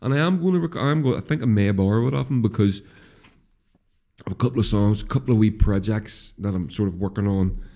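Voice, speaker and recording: A man's voice: on the low side, brisk, dark tone. A middle-aged man with a Northern Irish accent, hosting a casual solo podcast, rambling with restarts and swearing freely. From Northern Ireland. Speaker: podcast host.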